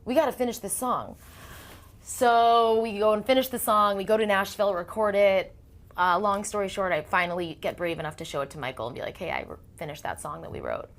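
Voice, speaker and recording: This woman, a thirtysomething singer-songwriter, speaks fairly quickly in a mid-range voice. Telling stories during a relaxed interview, she's lively, performs the quotes she recounts, and laughs frequently.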